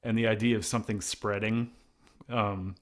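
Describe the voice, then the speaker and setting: Rambling middle-aged man, low voice. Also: little pitch movement, normal speed. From United States. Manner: rambling, many restarts and fillers. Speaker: singer of a post-hardcore band. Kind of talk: casual interview talk.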